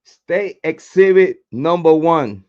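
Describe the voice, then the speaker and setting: Hoarse, slow-talking livestream host. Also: male voice, fairly high pitch, lively intonation, muffled recording. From Puerto Rico. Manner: profane, repetitive hype chants. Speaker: true crime livestream host. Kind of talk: hyped livestream chat. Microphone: desk microphone, camera off.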